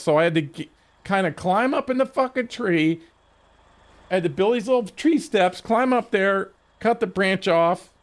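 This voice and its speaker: A man streaming a game, telling a rambling story with frequent swearing and restarts, at his desk mic. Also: high-pitched. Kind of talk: casual stream chat.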